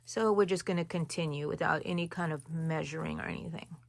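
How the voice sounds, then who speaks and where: A woman's voice: deep voice, fairly quick, no room sound. A woman hosting a crochet tutorial, talking viewers through each stitch in a casual, rambling way with chatty asides. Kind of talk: casual step-by-step tutorial chat.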